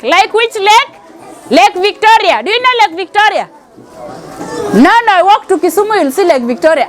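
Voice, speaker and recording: A woman's voice: very high-pitched, a bit bright, slight background noise. A woman with a Kenyan accent teaching a pre-primary class, calling out questions and having the children repeat answers. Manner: call-and-response, mixes in Swahili phrases.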